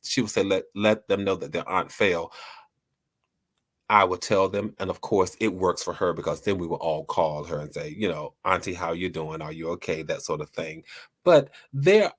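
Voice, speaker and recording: A man with a low-pitched voice hosts a relaxed, lighthearted talk aimed at his listeners. He rambles freely, with restarts and repeated words, and keeps a friendly, conversational tone. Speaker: host.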